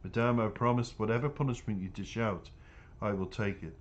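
A man's voice: on the low side, fairly even intonation, fairly quick, lo-fi sound, lightly acted. A man voicing a remorseful boy who pleads and apologizes in a distraught tone in a storybook reading. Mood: pleading.

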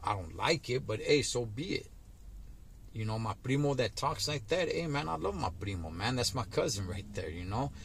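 A man's voice: mid-range voice, lively intonation, normal speed, creaky, slight background noise. A middle-aged man, vlogging casually about his views, peppering his talk with "man," "dog" and "homie.". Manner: laid-back street slang, frequent "man" and "dog". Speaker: trucker vlogger. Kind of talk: casual monologue to camera.

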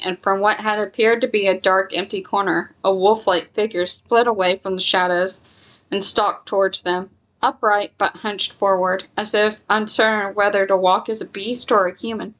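A woman reading a novel aloud in steady narration, with small slips she corrects as she goes. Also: mid-range voice, rough recording. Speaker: reader.

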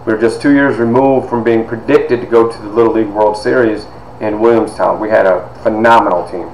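Fifties man from Toledo, storytelling speaker, lowish voice, lively chatty delivery, roomy echo. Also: a little fast. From Toledo, Ohio. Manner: animated, conversational, with frequent asides. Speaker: author and speaker. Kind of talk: personal storytelling talk. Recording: echoey room with faint noise.

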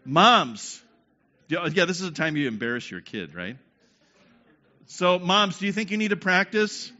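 A pastor preaches a sermon, guiding the congregation through a group exercise and frequently checking in with repeated "okay?" prompts. His high voice is very animated, unhurried, pushed and bright, heard through dull lo-fi sound.

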